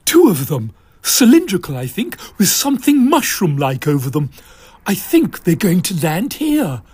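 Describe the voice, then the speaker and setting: A man voicing a brisk, sharp-eyed woman spy who speaks in a terse, confident way. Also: high voice, wildly swooping pitch, husky, no room sound, pitched above the performer's own voice, heavily acted. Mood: observant.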